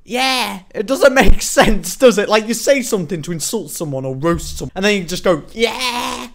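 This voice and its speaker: A young man hosting a casual reaction video, sarcastic and prone to loud exclamations and mocking put-on voices. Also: high-pitched, animated, moderate pace. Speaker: YouTube host reacting to music videos.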